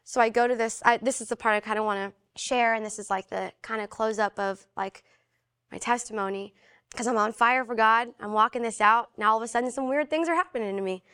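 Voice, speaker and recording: A woman's voice: on the high side, brisk, clear, resonant tone. A young adult woman as an interview guest, telling a personal testimony in casual storytelling style, full of "like" and acting out the voices she quotes. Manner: animated, fillers of "like", acts out quoted voices.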